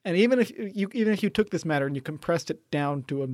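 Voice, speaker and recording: A man's voice: a little high, animated, quick pace, a little mellow, dry recording. Man explaining with a dry close voice. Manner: analytical, nitpicking with laughs. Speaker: podcast co-host. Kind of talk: casual chat.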